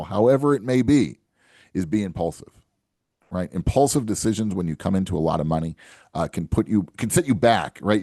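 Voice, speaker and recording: A man's voice: low voice, warm tone, no echo, clean studio sound. A man hosting his own finance show, giving earnest advice to listeners and often checking in with "right?" and "okay?". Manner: earnest and coaching, tags lines with "right?" and "okay?". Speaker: financial advisor and show host. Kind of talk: solo podcast talk to camera.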